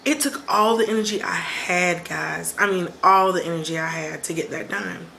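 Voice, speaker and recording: A woman telling a personal story on her vlog, lively, acting out quoted voices. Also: fairly low pitch, normal speed, creaky, slight background noise. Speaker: vlogger.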